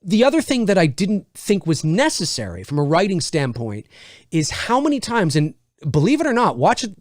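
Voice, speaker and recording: A man's voice: high-pitched, huge pitch swings, normal speed, no room sound, studio quality. A man, a screenwriter, giving a casual spoken review of a film and thinking aloud as he restarts his sentences.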